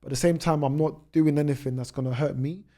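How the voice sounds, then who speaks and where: A young British man in his twenties speaks as a guest on a podcast, telling travel stories at a rapid clip. His voice is dark and mellow, and he often breaks off and restarts his sentences as he goes. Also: a little high, fairly even intonation. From United Kingdom. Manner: rapid anecdotes with many restarts. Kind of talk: storytelling in a podcast interview.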